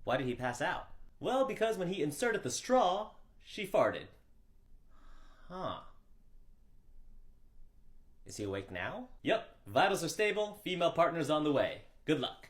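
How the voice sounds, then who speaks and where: Lively man in echoey comedy skit. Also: on the high side, a little slow, long pauses. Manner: switches between exasperated staff and clueless characters. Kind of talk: comedy skit acting out hospital scenes. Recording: echoey room.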